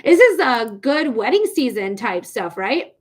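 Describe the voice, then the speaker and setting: Young woman, high voice, casual live-stream chat, frustrated, swears a lot. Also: very animated, measured pace. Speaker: psychic reader hosting a live stream.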